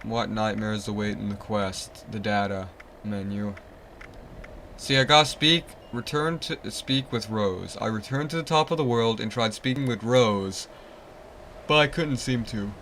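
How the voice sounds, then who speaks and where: A man's voice: on the low side, measured pace, fairly bright tone, a little hiss or hum. A young man streaming a video game, rambling and easily exasperated, sleepy and yawning as he complains. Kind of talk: casual live-stream commentary.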